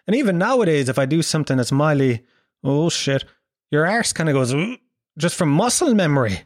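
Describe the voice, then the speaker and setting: A man's voice: a little high, very animated, fairly quick, no room sound, clean studio sound. A middle-aged Irish man doing a crude, rambling comedic monologue, acting out voices as he goes.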